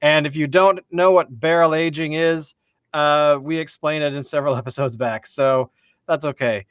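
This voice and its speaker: A man hosting a casual livestream beer tasting, excitable and prone to stammering restarts. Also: a little high, moderate pace, clear, resonant tone, no room sound. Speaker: host of a beer review show.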